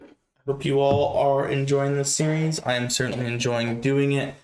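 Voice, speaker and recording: A man casually retelling a novel in his own words, relaxed and chatty with asides to listeners. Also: mid-range voice, moderate pace, echoey room. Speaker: reader and narrator.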